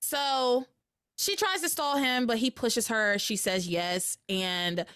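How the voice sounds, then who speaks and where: A young woman with a fairly high voice chats on a podcast, recapping a soap opera in a lively, exasperated way. She jumps into quick acted-out quotes of the characters. Her voice is close and dry, with no room sound. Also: smooth, no room sound. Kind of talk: casual chat.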